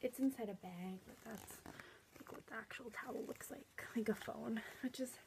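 Chatty young woman with gravelly voice. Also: a little high, normal speed, background noise. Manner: chatty, rambling with many fillers. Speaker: vlogger. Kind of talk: casual haul vlog.

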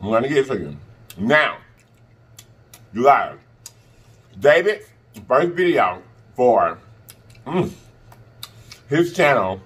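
Husky man chatting to camera. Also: mid-range voice, a bit bright. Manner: chatty, repeats itself for emphasis. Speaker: mukbang vlogger. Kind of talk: casual talk to camera.

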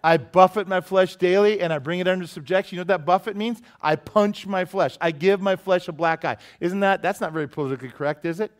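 A male pastor giving a lively sermon, often asking the congregation questions and acting out quotes with sudden shouts. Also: high-pitched, fast, hardly any pauses. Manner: animated preaching with call-and-response asides to the congregation.

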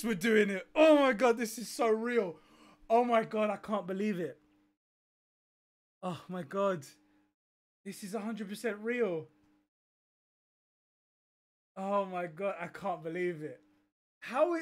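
A man's voice: high-pitched, fairly bright tone. A young man streaming live, swearing and laughing in disbelief as he reacts.

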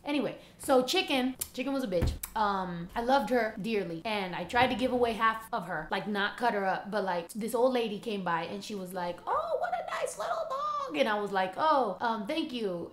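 A woman's voice: a little high, a bit bright. A woman vlogger and rapper telling a rambling, profane story in a casual monologue from her studio. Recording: echoey room.

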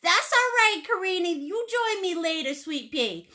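Woman painting instructor, playful and warm with viewers, bright voice with unhurried delivery. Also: very high-pitched, very animated. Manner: chatty and encouraging, greets viewers with pet names; playful, laughs often. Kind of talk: live-streamed painting lesson.

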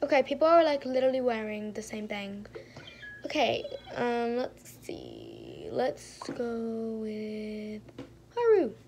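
A woman's voice: fairly high pitch, wildly swooping pitch, slow pace, vocal fry, a little mellow, a little hiss or hum. A young woman casually commentating her own gameplay, sounding exasperated, talking to herself and often trailing off into mumbles. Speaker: gaming streamer.

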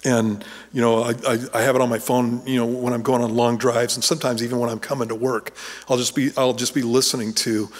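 Conversational pastor in a reverberant hall. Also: male voice, medium pitch, level tone, fairly quick. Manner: conversational, with restarts and rising animation when retelling scenes. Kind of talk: sermon. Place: church sanctuary.

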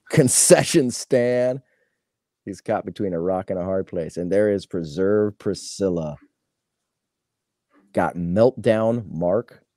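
A man's voice: sits low, takes it slowly, pauses often, mellow, no echo, clean studio sound. A laid-back man hosting a live card box break, chatting casually in slang. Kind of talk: casual live-stream chat.

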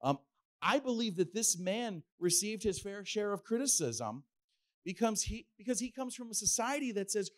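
A middle-aged man preaching a sermon as pastor, animated and playful, slipping into acted asides. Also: high-pitched, normal speed.

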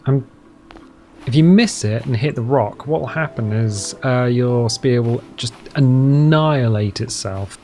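A man's voice: medium pitch, a little slow, warm tone, soft background music. A man giving casual let's-play commentary as a gaming channel host, chatty and walking through the game steps as he plays. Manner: chatty, explains game steps while playing.

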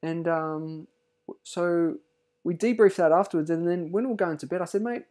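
A man's voice: on the high side, moderate pace, darkish tone. A middle-aged man, giving an earnest, heartfelt parent's testimonial in a casual way and often restarting his sentences.

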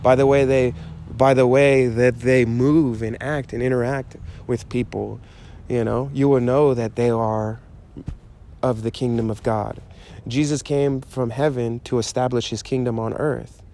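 A man's voice: medium pitch, fairly even intonation, a little slow, dark tone. A man giving an informal, conversational sermon, emphatic and repetitive in his delivery. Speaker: preacher.

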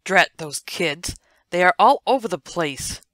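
Woman doing a grumpy rabbit washerwoman, storybook, scolding, slow weary drawl, dry sound. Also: lowish voice, expressive, a bit bright, no echo. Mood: cross. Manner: grumbling, scolding. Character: cross, harried washerwoman rabbit.

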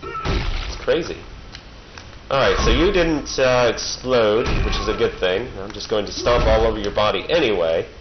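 With music playing in the background, a man with a fairly low voice jokes around at a moderate pace during a let's-play session. His commentary rambles playfully, and the recording is muffled by the game's sounds.

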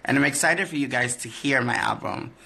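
A man's voice: medium pitch, fairly quick, gravelly, sharp tone, husky. A man who performs in drag, answering fan questions in a candid, profane live-stream chat and often trailing off with "I don't know.".

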